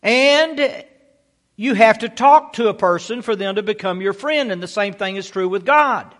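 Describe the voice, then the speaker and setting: A man's voice: high-pitched, normal speed, a bit bright, long reverb tail. A male pastor preaching a sermon, exhorting his listeners with rhetorical questions and frequent "amen" calls.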